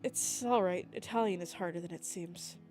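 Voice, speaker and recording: A woman voicing a timid young woman shopkeeper who speaks in a soft, hesitant murmur and stammers. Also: fairly low pitch, moderate pace, soft background music, close to an everyday voice. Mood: flustered.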